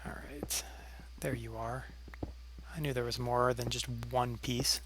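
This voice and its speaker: Guy doing a let's play, casual chatter, middle voice, sometimes mutters low and quiet to himself. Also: little pitch movement, measured pace, background noise. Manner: drops to a near whisper while focused on the game. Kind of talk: casual gameplay chat.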